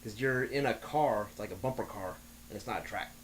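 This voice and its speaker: A man chatting on a talk show, telling long stories with many halting restarts. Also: lowish voice, a little hiss or hum. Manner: rambling storyteller, halting restarts. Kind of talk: casual podcast chat.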